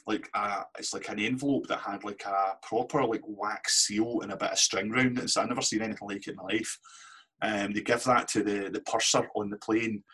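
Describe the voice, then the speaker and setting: Husky low-voiced Scottish storyteller. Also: male voice, a bit bright. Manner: candid anecdotal storyteller, swears casually. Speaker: guest. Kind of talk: casual storytelling interview.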